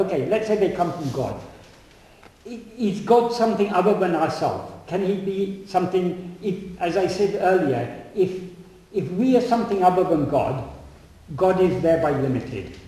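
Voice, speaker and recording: A man speaking on spiritual teachings and answering audience questions, often pausing and repeating words as he thinks. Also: sits high, lively intonation, warm tone. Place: meeting room. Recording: echoey hall, far from the mic.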